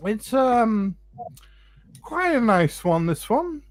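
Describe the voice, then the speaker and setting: A man hosting a live watch chat, relaxed and jokey, thinking aloud with plenty of fillers. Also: very high-pitched, slow, no echo. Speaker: watch show host.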